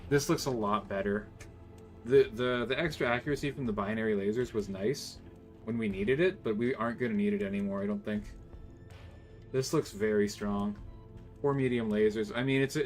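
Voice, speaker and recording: A young man casually commenting on his gameplay and reading game text aloud, excitable and swearing now and then. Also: on the low side. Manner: excitable, swears, reacts loudly.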